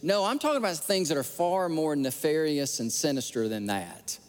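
Earnest preacher man, high lively voice. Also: moderate pace. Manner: earnest, emotional storytelling with repeated words. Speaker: pastor. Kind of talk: sermon. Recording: long hall reverb.

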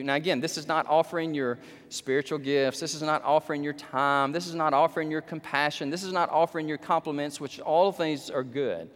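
A fairly high-voiced man with a drawl preaches in a church sanctuary, his voice ringing with long reverb. He shifts between slow, hushed emphasis and sudden loud, high-pitched bursts. The delivery is a pastor's full sermon style. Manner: animated preaching, swings from low and slow to loud high exclamations.

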